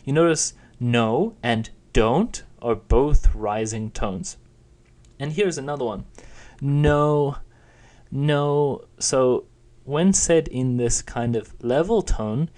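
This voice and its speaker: A man's voice: mid-range voice, animated, measured pace, darkish tone. Man patiently explaining a language lesson. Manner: patient, plain explaining with demonstrated intonations. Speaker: Chinese teacher.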